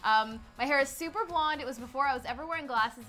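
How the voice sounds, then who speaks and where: A woman's voice: sits high, quick pace, pushed and bright, faint music behind. A young woman co-hosting a celebrity news show, chatting casually and bubbly, speaking straight to the viewers. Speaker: entertainment news co-host.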